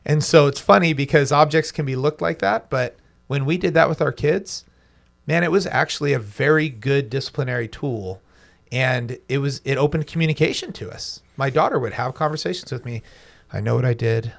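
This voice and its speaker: A man's voice: fairly high pitch, a little fast, vocal fry. A man on a podcast telling a personal story with emphasis and quoted dialogue. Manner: storytelling, emphatic, talks with his hands in quotes. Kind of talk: casual podcast conversation.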